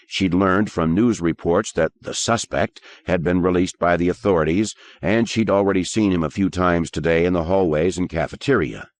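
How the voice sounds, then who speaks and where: A man narrating an audiobook in a measured, expressive way. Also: low voice. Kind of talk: scripted narration.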